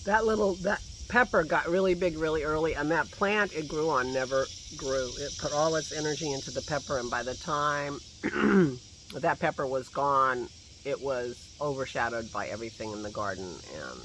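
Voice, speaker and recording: Filming himself outdoors in his garden with a phone at arm's length, a male vlogger chats and rambles casually, laughing to himself now and then through a slight lingering cough. He speaks at a moderate pace in a medium pitch against a noisy background.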